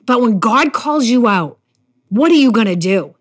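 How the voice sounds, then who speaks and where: A woman's voice: fairly high pitch, lively intonation, normal speed. A woman preaching a sermon in an earnest way, sometimes acting out the lines of the figures in the story she tells. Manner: earnest, acts out the Bible figures' lines in quotes.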